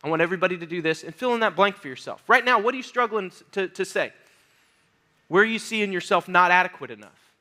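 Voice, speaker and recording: A man's voice: high-pitched, animated, fast talker, pushed and bright. A man preaching a youth sermon, telling a comic story about himself and acting out scenes, then speaking earnestly to his audience. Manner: playful, self-mocking, acts out scenes with voices and sounds; earnest and direct when addressing the audience. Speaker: youth pastor.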